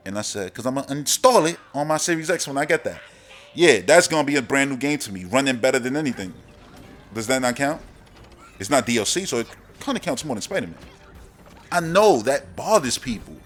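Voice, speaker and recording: A man's voice: medium pitch, fairly bright tone. A man hosting a gaming channel, ranting in a brash, boastful, heavily profane casual monologue.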